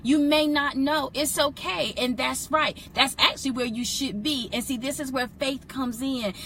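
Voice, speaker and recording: A woman's voice: high voice, fairly bright tone, slight background noise. A woman co-hosting an inspirational show, preaching with emphatic call-and-response.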